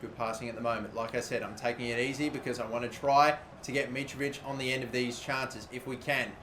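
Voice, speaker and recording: A man in his twenties giving excitable live gameplay commentary, swearing freely and breaking into loud frustrated outbursts. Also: medium pitch, fast, slight background noise. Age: 20s. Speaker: gaming commentator. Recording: roomy echo.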